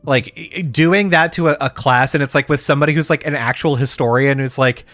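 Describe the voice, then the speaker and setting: A man co-hosting a casual podcast, spinning stories and acting out little voices as he goes. His voice is bright and fairly high for a man, and it sounds dry and close to the mic. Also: a little fast, dry recording, faint music behind. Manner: storytelling with acted-out quotes, profane. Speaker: podcast co-host. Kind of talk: casual chat.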